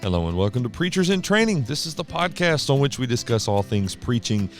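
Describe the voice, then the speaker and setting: A podcast host with a mid-range voice talks a little fast and very animatedly, with loud music behind him. He interviews a guest on a convention hall floor, casual and joking, laughing often as they chat.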